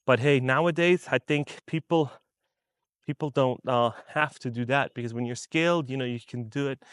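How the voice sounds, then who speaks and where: A man's voice: mid-range voice, moderate pace, smooth, dry recording. Rambling man with a dry close sound. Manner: rambling, restarts often, many "you know"s. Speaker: video creator. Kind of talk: casual opinion monologue.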